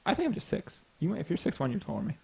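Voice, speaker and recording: A man co-hosting a podcast, chatting casually with quick, teasing banter. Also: high-pitched, big pitch swings, creaky, a little mellow, breathy edge. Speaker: podcast co-host. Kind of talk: casual chat.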